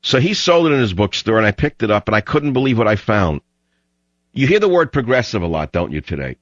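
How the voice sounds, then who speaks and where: A man's voice: fairly low pitch, big pitch swings, fairly quick, no room sound. A man hosting talk radio, delivering an emphatic, fiery ranting monologue on dull lo-fi audio.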